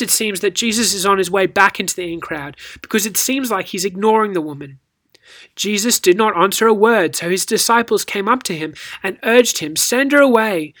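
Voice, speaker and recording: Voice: mid-range voice, fairly bright tone. A speaker gives a scripted Bible devotional, telling the story with rhetorical questions and reading scripture with acted inflection. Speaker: Bible teacher.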